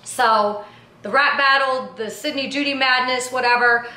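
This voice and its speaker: A woman telling a behind-the-scenes story to camera in a casual recap, talking in an animated, indignant way full of slang like "yo" and "like". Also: high voice, a little slow. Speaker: reality TV personality and producer. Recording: echoey room.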